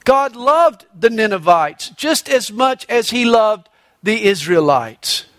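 A man's voice: sits high, big pitch swings, slow pace, fairly bright tone, dry recording. A man preaching a sermon as pastor, emphatic, telling stories and quoting scripture. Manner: emphatic preacher telling a joke with quoted voices.

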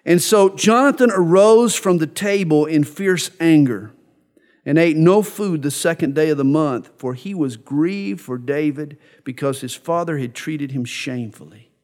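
A man's voice: fairly high pitch, a little slow, a little mellow. A man preaching a sermon, reading scripture aloud and then explaining it in plain talk with wry jokes. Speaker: pastor. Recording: echoey hall with long reverb.

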